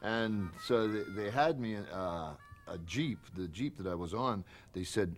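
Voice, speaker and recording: A man as a talk show guest, telling animated stories and laughing often. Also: fairly low pitch, a little slow. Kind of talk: animated storytelling.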